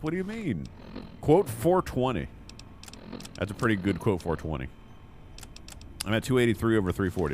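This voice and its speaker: A man's voice: lowish voice, sing-song, normal speed, slight background noise. A man streaming a video game, joking and rambling through casual commentary and laughing at himself.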